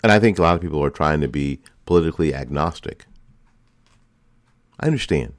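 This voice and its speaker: A man's voice: very deep voice, expressive, brisk, no echo, studio quality. A man hosting a political commentary show, delivering an impassioned opinion monologue full of repeated rhetorical lines. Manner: impassioned, repetitive rhetorical questions.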